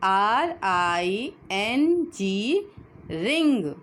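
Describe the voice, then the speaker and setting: A woman's voice: medium pitch, very animated, drawn-out words, a bit bright. A woman teaching children a phonics lesson, spelling words letter by letter and repeating each one.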